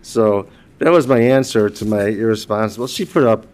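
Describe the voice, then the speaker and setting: A man's voice: on the low side, moderate pace, noisy background. A man in his sixties giving a eulogy for his wife, telling humorous personal stories and laughing at his own jokes. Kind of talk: funeral eulogy told as personal anecdotes.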